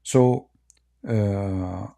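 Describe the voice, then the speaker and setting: A man hosting a live call-in discussion, explaining slowly with halting pauses. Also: on the low side, gravelly, warm tone. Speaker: host of a call-in apologetics show.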